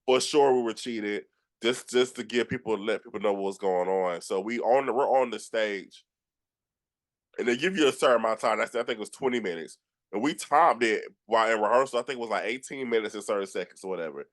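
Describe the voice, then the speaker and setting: A man from Georgia with a Southern accent, hosting a casual chat and telling animated stories with many restarts. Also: lowish voice, fairly quick. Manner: animated storyteller with frequent restarts, acts out quotes. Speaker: podcast host.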